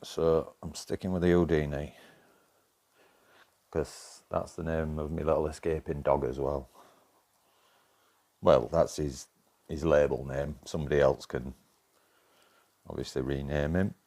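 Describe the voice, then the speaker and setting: This live-stream chat comes from a man with a very deep, mellow voice and a broad Yorkshire accent. He talks to viewers about the game he's playing in an unhurried, fairly even way, pausing often, swearing freely and bantering.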